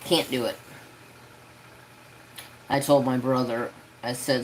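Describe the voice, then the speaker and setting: A man's voice: medium pitch, flat delivery, slow, a little hiss or hum, low-quality recording. A man hosting a craft live stream, chatting casually and rambling easygoingly with many fillers.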